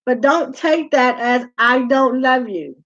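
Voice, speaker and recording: A woman's voice: high-pitched, takes it slowly, a bit bright, no echo. Woman, life coach, emphatic, repeats herself, dry close sound, muffled lo-fi recording. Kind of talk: live group coaching talk. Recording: dull lo-fi sound.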